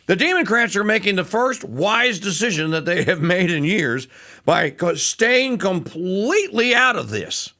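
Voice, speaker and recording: A man's voice: high voice, expressive, a little slow, sharp tone. A man hosting a talk radio show, delivering a sarcastic, rambling monologue full of restarts and fillers.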